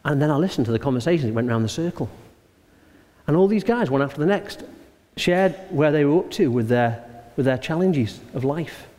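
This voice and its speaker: Pastor preaching in a big hall. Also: male voice, fairly high pitch, animated, a little mellow. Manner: storytelling, emphatic, with slowed punchlines. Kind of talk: sermon. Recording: long hall reverb.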